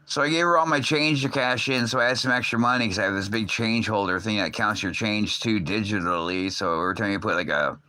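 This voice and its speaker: A man's voice: fairly low pitch, fast, few pauses, bright, forceful tone. A man rambling casually on his livestream, swearing often and filling gaps with "uh" and "like". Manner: rambling, loose, swears often, many fillers. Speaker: livestream host.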